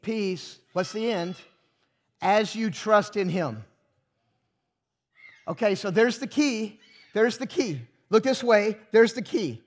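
A man's voice: sits high, slow, pauses often. A pastor preaching a sermon to his congregation, emphatic and full of rhetorical questions.

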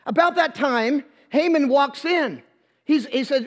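High-voiced preacher retelling a story with humor. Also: male voice, measured pace. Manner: lively, humorous, slangy retelling. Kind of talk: storytelling sermon. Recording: long hall reverb.

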